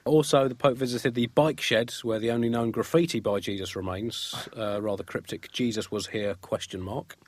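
A man's voice: mid-range voice, steady tone, normal speed, few pauses, a little mellow, no echo. A man co-hosting a satirical comedy podcast, delivering absurd jokes in a dry, mock-formal way.

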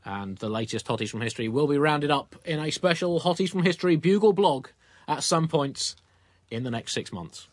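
Deadpan English man, dry studio sound. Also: a little high, moderate pace, dry recording. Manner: dry mock-newsreader delivery, deadpan jokes. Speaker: podcast co-host. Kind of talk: comic news podcast.

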